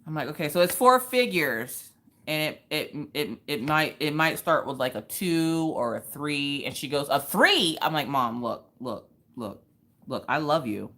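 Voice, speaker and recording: A young woman with a low voice tells a story to her livestream viewers in a loose, chatty way. She acts out each person's lines and drops in Southern slang. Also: big pitch swings, unhurried, a bit bright. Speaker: craft livestream host.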